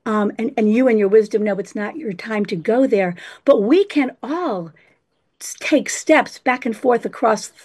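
A woman's voice: on the high side, a little slow, darkish tone, slightly rough. A woman explaining dreams in a flowing, spiritual way, using terms like hypnagogic and sacred space. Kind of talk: reflective explanation.

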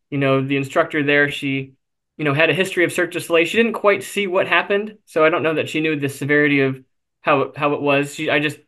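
A man with a bright, forward voice recounts a personal story in an interview. He talks candidly, laughs at himself now and then, and leans on little fillers as he goes. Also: a little high. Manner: candid, self-deprecating, with many fillers. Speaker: interview guest.

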